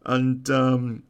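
A man's voice: mid-range voice, gravelly, smooth. A man, telling a true-crime story in a casual, profane way and laughing at his own story.

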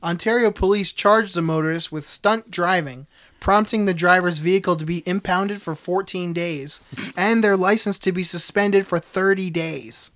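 Podcast co-host, man, high-pitched, dry delivery while reading out news items. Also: moderate pace, fairly bright tone. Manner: dry, reads news stories aloud. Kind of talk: casual chat.

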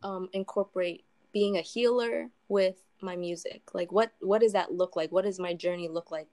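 A woman singer-songwriter talking in a casual interview, soft-spoken and reflective, with many pauses and ums. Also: on the low side, dry recording.

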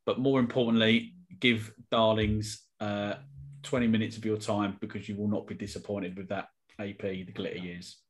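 A man's voice: lowish voice, flat delivery, normal speed. Podcast host, easygoing man. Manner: friendly, filler-heavy, laughs easily. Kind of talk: casual podcast chat and sign-off.

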